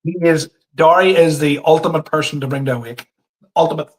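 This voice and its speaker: Easygoing comedian, slightly high. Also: male voice. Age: 30s. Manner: easygoing, agreeable, quick to laugh. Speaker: podcast co-host and stand-up comedian. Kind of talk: casual chat.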